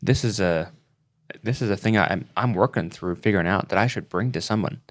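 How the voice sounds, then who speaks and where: A man's voice: on the low side, fairly quick. A father co-hosting a parenting podcast, thoughtfully explaining a point in casual chat with some restarts.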